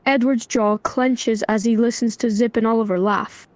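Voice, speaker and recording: A synthetic female voice giving scripted narration in an even manner. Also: on the high side, moderate pace, no room sound.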